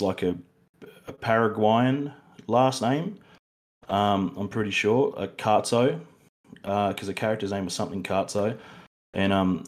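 A young Australian man co-hosting a casual film review podcast, rambling with many fillers and restarts. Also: lowish voice. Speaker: podcast co-host.

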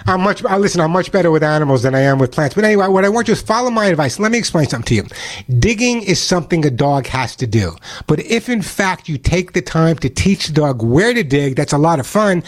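A middle-aged man with a New York accent, hosting a call-in radio show with animated, chatty advice and ad reads. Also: on the high side. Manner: animated, fast-talking, chatty.

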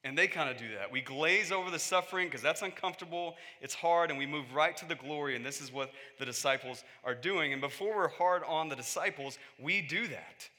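A man's voice: on the high side, brisk, hardly any pauses, pushed and bright, long reverb tail. A man preaching a conversational sermon as a pastor, acting out quoted voices and building to emphatic peaks.

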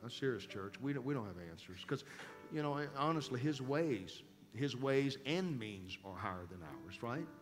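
A male guest preacher delivering a sermon with an altar call, swinging from quiet, intimate speech to loud, urgent pleading. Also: medium pitch, expressive, moderate pace. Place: church sanctuary. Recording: long hall reverb with music behind.

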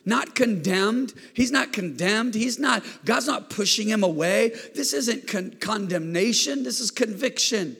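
Man, pastor, fervent sermon, bright gravelly high voice, long church reverb. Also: animated, measured pace, few pauses. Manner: fervent preaching that swells into shouts, calls for congregation responses. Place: church sanctuary.

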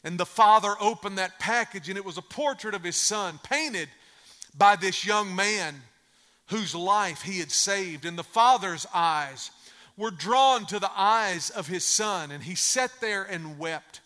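A man's voice: high-pitched, a little slow, bright, forceful tone. A man preaching a sermon, telling a story and stressing his points through repetition. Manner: emphatic, repeats phrases for effect. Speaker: pastor. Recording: long reverb of a large hall.

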